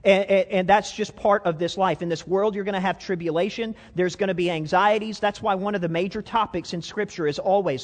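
A man's voice: sits high, fairly even intonation, a little fast, hardly any pauses. A man preaching a conversational sermon, self-deprecating and full of restarts, to a congregation. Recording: long reverb of a hall.

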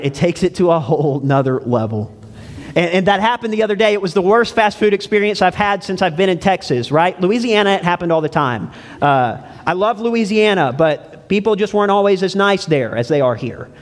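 A man preaching a sermon as pastor, telling folksy stories and asking the congregation questions. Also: high-pitched. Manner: folksy storytelling, asks the congregation. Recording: long church reverb.

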